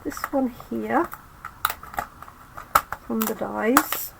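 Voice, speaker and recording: A woman's voice: fairly high pitch, extremely slow, vocal fry, very noisy. A woman hosting a live card-making demo, losing her voice, chatting to viewers as she works. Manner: chatty, talks to viewers while working. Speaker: crafting channel host.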